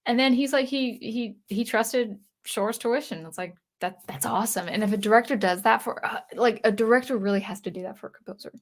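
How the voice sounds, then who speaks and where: A woman's voice: on the high side, fairly quick, few pauses. A woman hosting a casual livestream for a music channel, reading viewer comments and rambling with frequent restarts.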